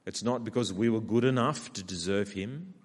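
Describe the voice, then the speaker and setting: A man with an Australian accent preaching a sermon, acting out a sulky character's complaints in a lively way. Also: lowish voice, moderate pace. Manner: animated, acts out Jonah's whiny complaints. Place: church hall. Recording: long hall reverb.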